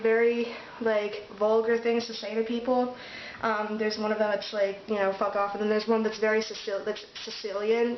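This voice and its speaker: Young American woman, casual rambly vlog talk, flat delivery, roomy echo. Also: fairly high pitch, slight background noise. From United States. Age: young adult. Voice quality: rambling, many fillers and restarts. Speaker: vlogger. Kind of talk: casual chat. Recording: echoey room, dull sound.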